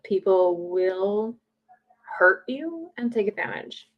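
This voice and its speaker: A woman's voice: medium pitch, expressive, slow, lo-fi sound. A woman chatting casually on a live stream, blunt and opinionated, swearing freely. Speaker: streamer, podcaster. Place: home.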